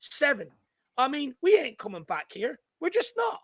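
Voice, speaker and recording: A man's voice: very high voice, huge pitch swings, moderate pace, crowd noise. A man co-hosting a football fan stream, blunt and frustrated, driving his point home by repeating it. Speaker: co-host of a fan watchalong. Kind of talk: fan debate.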